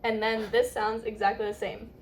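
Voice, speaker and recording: A young woman with a General American accent teaching pronunciation in a classroom, drilling words patiently and spelling out letters slowly. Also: a little high, flat delivery. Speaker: accent coach. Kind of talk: pronunciation lesson. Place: classroom with a board.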